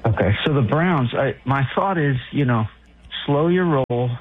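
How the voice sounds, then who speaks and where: A man's voice: mid-range voice, lively intonation, measured pace, husky. A man calling into a sports radio show, talking hesitantly with lots of fillers. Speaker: caller. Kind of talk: call-in radio talk. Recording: phone line.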